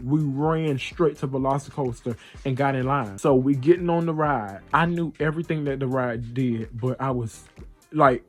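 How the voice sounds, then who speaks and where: A man hosting a podcast, telling a story in a casual, playful way and acting out the voices of the people in it. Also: medium pitch. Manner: animated, playful, acts out the voices in his stories. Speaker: podcast host.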